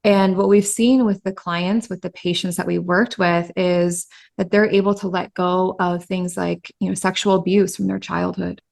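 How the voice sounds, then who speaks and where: A woman breathwork practitioner being interviewed, telling client stories in an animated way with many "like" and "I mean" fillers. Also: fairly low pitch, moderate pace, vocal fry, few pauses. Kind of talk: casual interview storytelling.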